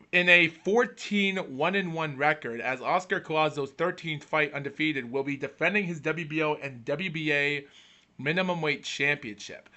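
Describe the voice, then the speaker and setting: A man's voice: on the high side, sharp tone. A man hosting a casual boxing podcast, rambling with restarts and fillers, exasperated when his camera freezes. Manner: exasperated, calls out hello over and over. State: catching his breath. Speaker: podcast host.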